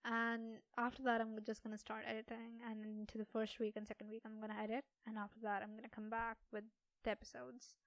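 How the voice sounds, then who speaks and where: A young woman hosting her own podcast, talking off the cuff in a somewhat high voice. She rambles, second-guesses herself and laughs often. The recording is close and dry, with no room sound. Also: monotone, brisk, no room sound. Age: young adult. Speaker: podcast host. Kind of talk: unscripted solo podcast chat.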